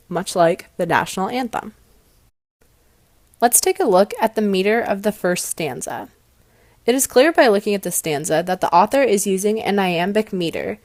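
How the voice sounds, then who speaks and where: A woman giving a class presentation on poetry, explaining clearly and stressing her example lines. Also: medium pitch, no echo, clean studio sound.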